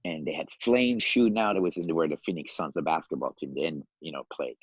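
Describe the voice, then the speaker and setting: A man in his fifties from Iran, a podcast guest telling his life story in a lively, animated way, often laughing and acting out the voices of other people. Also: very deep voice, quick pace, slightly rough, dry recording, rough recording. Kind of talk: casual storytelling.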